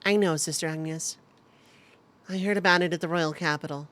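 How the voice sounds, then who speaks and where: A woman's voice: low-pitched, steady tone, normal speed, a bit bright. A woman voicing a cheerful, earnest young woman returning home in a video game, reading the dialogue aloud.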